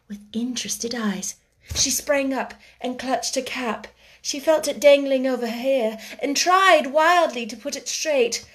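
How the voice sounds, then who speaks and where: A woman narrating a classic children's story aloud, expressive, sometimes slipping into a hushed whisper. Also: high voice. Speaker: audiobook narrator.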